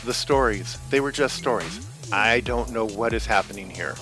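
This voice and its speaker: A man's voice: lowish voice, normal speed, music in the background, close to an everyday voice. A man voicing a frightened young man who stammers nervously in a read-aloud horror story. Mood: scared.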